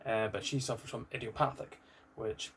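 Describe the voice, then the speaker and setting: A man's voice: fairly low pitch, fairly even intonation, moderate pace, vocal fry, slight background noise. A man with a British accent, talking candidly and ramblingly in an unscripted personal vlog, with some swearing. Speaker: vlogger.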